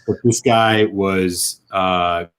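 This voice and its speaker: A man's voice: low voice, fairly even intonation, very slow. A man co-hosting a casual whisky chat, telling a heartfelt, rambling story with lots of fillers. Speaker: whisky podcast co-host.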